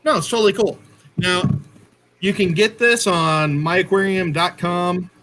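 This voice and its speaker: A man's voice: high-pitched, measured pace, fairly bright tone, slight background noise. A man co-hosting a casual livestream, chatty and jokey, often stopping to correct himself. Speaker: co-host.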